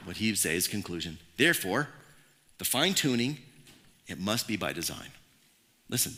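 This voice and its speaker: Bright, animated male church preacher. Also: on the high side. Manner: conversational, animated, many restarts and asides. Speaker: pastor. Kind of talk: casual sermon.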